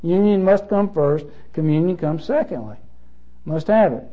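Pastor, male, high voice, emphatic sermon delivery, lo-fi church recording. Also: normal speed. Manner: emphatic, repeats phrases with shifting stress.

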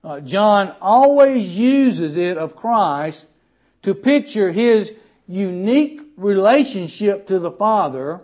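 A man preaching a sermon in an earnest, emphatic way, stressing key words loudly and then dropping quiet. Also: sits high. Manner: earnest, emphatic, swings between loud stresses and quiet drops.

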